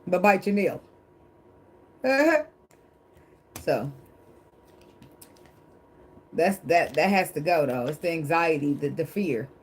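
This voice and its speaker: A woman's voice: sits low, animated, takes it slowly, long pauses, slight background noise, rough recording. Blunt, emphatic woman reading tarot. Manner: emphatic, blunt and profane, laughs often; calls herself dramatic. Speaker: tarot reader. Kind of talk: casual tarot reading with preachy asides.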